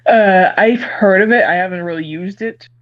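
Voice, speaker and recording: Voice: mid-range voice, normal speed, lo-fi sound. A guest musician in a casual interview, giving short laid-back replies and laughing easily.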